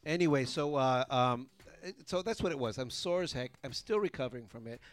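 A man's voice: mid-range voice, animated, a little fast. A man co-hosting a casual podcast, upbeat and chatty. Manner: upbeat, reads out listener messages. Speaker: co-host.

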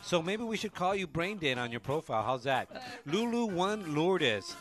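A man's voice: fairly high pitch, very animated, a little fast, fairly bright tone, soft background music. A man co-hosting a casual podcast, loose and joking with lots of fillers. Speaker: co-host.

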